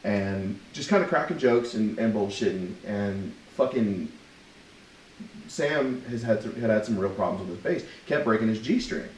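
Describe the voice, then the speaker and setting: A man's voice: on the low side, animated, moderate pace. Man, middle-aged, casual podcast chat, swears, echoey room, mic far off. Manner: rambling storyteller, swears often. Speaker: podcast co-host. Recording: roomy, distant mic with faint hiss.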